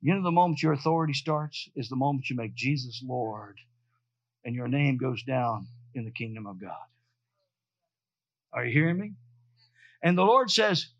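A man's voice: medium pitch, expressive, moderate pace, long pauses, fairly bright tone, no room sound, highs cut off. A male pastor preaching a sermon emphatically, often repeating and restarting his words.

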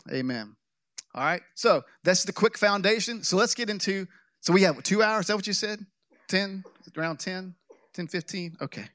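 A man pastor preaching a sermon, telling a story with jokes and animated delivery. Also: on the high side, dry recording, clean studio sound. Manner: animated, joking, with restarts.

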